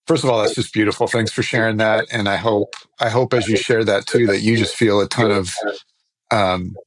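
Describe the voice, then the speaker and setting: A man's voice: fairly low pitch, rough recording. A man hosting a podcast, responding to a guest in a thoughtful, affirming way with fillers and restarts. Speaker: podcast host. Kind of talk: podcast interview.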